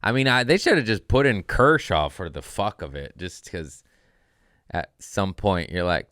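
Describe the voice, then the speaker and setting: A man's voice: low-pitched, animated, unhurried, fairly bright tone, no echo, clean studio sound. A man, a comedian hosting his podcast, telling a rambling, profane story in a wry, casual way.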